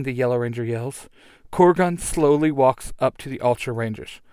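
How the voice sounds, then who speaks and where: A man narrating an action adventure story in a lively, animated reading. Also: medium pitch, moderate pace, clean tone, dry recording, studio quality.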